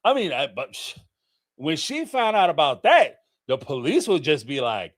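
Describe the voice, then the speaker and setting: Middle-aged male host with a lively, high voice, theatrical and laughing in casual commentary. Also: moderate pace. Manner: animated, theatrical, laughing storyteller. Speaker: host of a call-in livestream.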